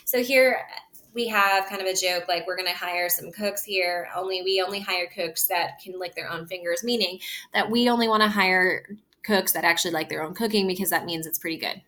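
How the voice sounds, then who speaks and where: A woman's voice: fairly low pitch, brisk, pushed and bright. A woman reading a play aloud and explaining each passage in plain, casual words, like a teacher. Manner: switches between reading lines aloud and plain paraphrase.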